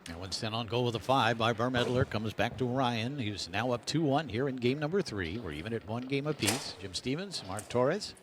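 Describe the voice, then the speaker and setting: A man's voice: mid-range voice, noisy background. A man calling a table soccer match live as play-by-play commentator, rattling off each move with energy. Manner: rapid, energetic shot-by-shot calling.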